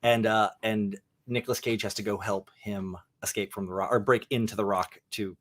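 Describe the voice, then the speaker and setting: Chatting about movies with friends, a young man gets eager and rambling, stuffing his speech with fillers like a podcast host carried away by his own opinions. His voice sits on the low side, slightly bright, with fairly even intonation and a moderate pace.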